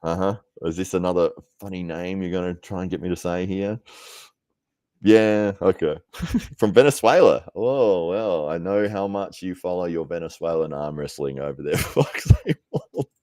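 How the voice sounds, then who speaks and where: Laughing, chatty deep-voiced man. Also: warm tone, no room sound, studio quality. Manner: chatty, laughs often, self-deprecating. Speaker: livestream host. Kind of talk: casual live-stream chat reading comments.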